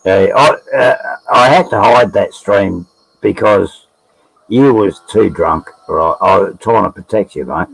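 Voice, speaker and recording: A man with an Australian accent chatting casually on a livestream, blunt and quick to swear. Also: lowish voice, creaky, breathy edge, rough recording. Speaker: livestream guest. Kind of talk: casual chat.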